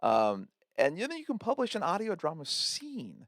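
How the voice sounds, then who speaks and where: A man hosting a podcast, walking through a software tool in a chatty, loose tutorial with many fillers and restarts. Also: fairly high pitch, wildly swooping pitch, moderate pace, creaky, hardly any pauses, dry recording, studio quality. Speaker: podcast host. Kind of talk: casual tutorial walkthrough.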